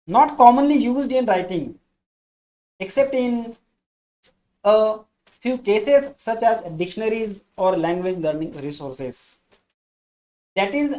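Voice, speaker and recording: A woman giving a lesson, explaining slowly and restating each point. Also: fairly high pitch, darkish tone. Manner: addresses listeners as dear friends. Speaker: English teacher. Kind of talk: classroom lecture.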